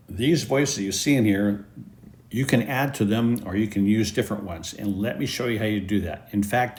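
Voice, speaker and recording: Male presenter, lowish voice, relaxed walkthrough of app settings. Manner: easygoing step-by-step explaining. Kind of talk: screen-recorded app tutorial.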